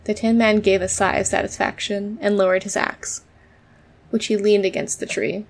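A woman narrating a children's storybook in a steady, even reading voice. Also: medium pitch, normal speed, creaky.

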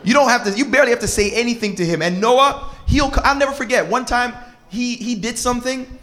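A man in his thirties co-hosting a casual chat about parenting and relationships, animated and slangy with preacher-like exclamations. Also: very high voice, brisk. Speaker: podcast co-host.

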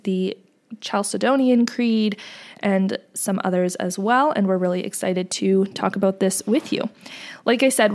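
Woman cohosting a church podcast, chatty and explaining stuff, mid pitch, says um a lot. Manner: conversational, explanatory, frequent fillers. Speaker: podcast co-host. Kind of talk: casual religious discussion.

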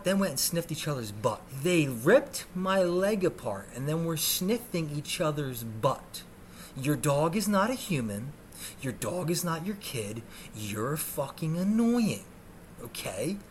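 A man's voice: a little high, slight background noise. A man hosting a podcast, telling a story in a comic, profane way and shrieking when he acts out scenes. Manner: animated, swears a lot, shrieks when acting out scenes. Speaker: podcast host.

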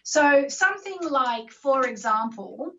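A woman's voice: high voice, lively intonation, slow pace, sharp tone, lo-fi sound. A woman hosting a call-in astrology show, coaching callers through affirmations in an encouraging way.

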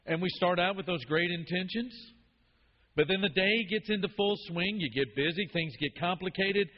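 A man's voice: high voice, in a large hall, dull audio, a little hiss or hum. A male pastor preaching a sermon to his church, emphatic and fond of repeating key phrases. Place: church sanctuary.

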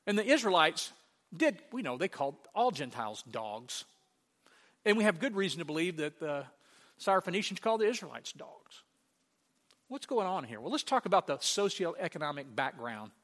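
A man preaching a sermon in an animated way, acting out quotes and asking the congregation questions. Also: fairly high pitch, normal speed. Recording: long hall reverb.

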